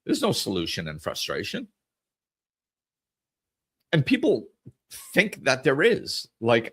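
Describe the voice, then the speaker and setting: A man's voice: medium pitch, wildly swooping pitch, takes it slowly, pauses often, fairly bright tone, slightly rough. A middle-aged man hosting a podcast, giving an earnest reflective monologue on scripture and the inner life, often repeating and correcting his words as he goes. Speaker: podcast host.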